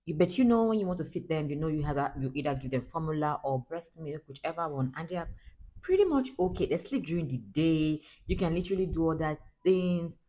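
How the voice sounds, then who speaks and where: Young Nigerian woman, low husky voice, chatty vlogging mom who mixes in pidgin. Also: lively intonation, brisk, warm tone, rough recording. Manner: chatty, laughing, switches into pidgin. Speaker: mother vlogger. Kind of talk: casual chat to camera.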